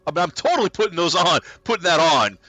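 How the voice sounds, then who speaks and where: A man streaming a game, chatting casually and excitably as he plays. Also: fairly high pitch, fast talker, no echo. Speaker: gaming streamer.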